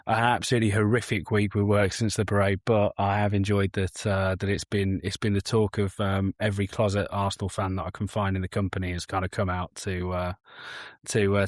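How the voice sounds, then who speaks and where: Low-voiced guy rambling on a podcast, lots of ums, dry close sound. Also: no echo. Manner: rambling, halting, with many fillers. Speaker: podcast guest. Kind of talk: casual chat.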